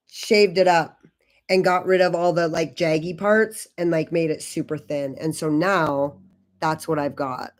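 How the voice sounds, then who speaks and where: A woman in her forties hosting a casual makeup livestream, talking loosely and swearing a lot while she chats with viewers. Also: on the low side. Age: 40s. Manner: loose and profane, chatty with viewers. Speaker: beauty channel host.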